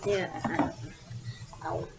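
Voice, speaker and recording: A woman reading a picture book aloud to children, expressive and slow, with chatty asides to her listeners. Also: noisy background. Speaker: read-aloud channel host.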